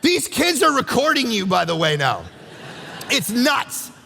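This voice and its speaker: Man, pastor, energetic sermon, bright tone, long church reverb. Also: very high-pitched, unhurried, vocal fry, breathy edge. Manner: energetic, storytelling, conversational. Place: church auditorium. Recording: echoey church hall.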